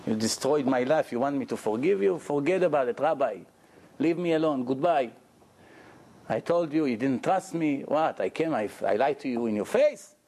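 A man's voice: medium pitch, lively intonation, moderate pace, mellow, slight background noise, pitched below the performer's own voice, close to an everyday voice. A man voicing a bitter ruined townsman. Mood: frustrated. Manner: frustrated, accusing.

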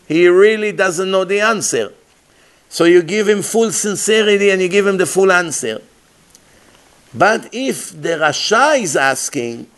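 Emphatic rabbi man, fairly high voice. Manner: emphatic, animated, switches into Hebrew phrases; non-native English grammar. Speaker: rabbi teaching Torah. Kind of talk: Torah lecture with storytelling.

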